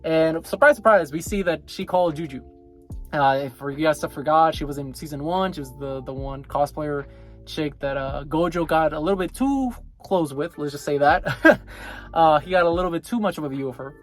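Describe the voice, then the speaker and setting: A man's voice: fairly high pitch, normal speed, faint music behind. A young man casually recapping an anime episode, rambling with many fillers as he retells the scenes. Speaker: anime reviewer.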